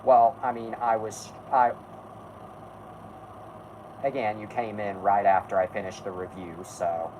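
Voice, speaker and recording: A man's voice: lowish voice, level tone, measured pace, long pauses, darkish tone, a little hiss or hum, poor audio. A man hosting a casual live stream who halts, rambles and restarts his sentences while he talks to his chat and co-hosts. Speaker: podcast host.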